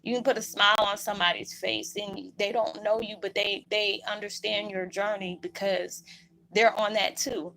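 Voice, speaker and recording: A woman's voice: mid-range voice, level tone, normal speed, vocal fry, bright, forceful tone, low-quality recording. A woman vlogger talking to her viewers in a rambling, heartfelt way, emotional and holding back tears. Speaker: spiritual vlogger. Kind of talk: heartfelt casual monologue to viewers.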